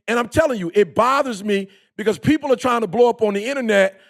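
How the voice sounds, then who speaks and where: A man giving an impassioned, preachy motivational talk in slangy speech, repeating phrases for emphasis and bursting into shouts. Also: high voice, quick pace, vocal fry. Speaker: motivational speaker.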